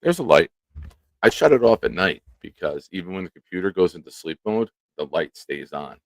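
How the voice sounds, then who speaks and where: A man hosting a casual live stream, animated and chatting with viewers by name. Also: deep voice, moderate pace, creaky, no echo. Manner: animated, talks to chat by name. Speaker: show host. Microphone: studio microphone.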